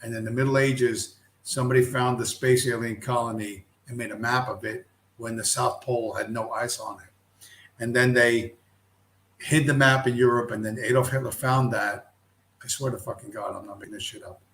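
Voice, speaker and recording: A man's voice: medium pitch, steady tone, normal speed, a bit bright. A middle-aged man hosting a casual livestream, ranting bluntly with heavy profanity. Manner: blunt, heavily profane, heated. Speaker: livestream host. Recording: roomy echo.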